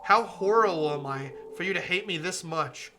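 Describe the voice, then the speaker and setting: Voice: mid-range voice, normal speed, sharp tone, a little hiss or hum, natural voice. A streamer reading aloud as a young woman game character, a club president who pleads, accuses and then turns remorseful.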